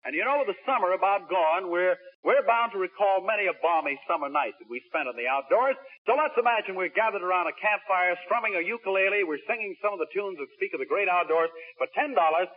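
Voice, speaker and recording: Chatty quiz host guy, kinda high voice, muffled old 1940s radio sound. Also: expressive, fast talker, hardly any pauses. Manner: chatty, jovial banter with contestants. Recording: dull lo-fi 1940s radio broadcast.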